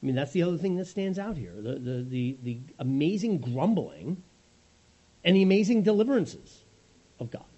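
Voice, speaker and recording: A middle-aged man preaching a sermon in an animated, conversational storytelling manner. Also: on the high side, normal speed, slightly rough, muffled recording.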